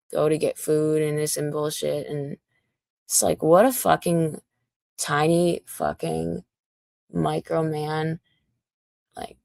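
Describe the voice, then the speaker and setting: A woman's voice: low-pitched, gravelly, darkish tone, no echo, studio quality. A woman on a livestream, ranting casually in a mocking, taunting and profane way.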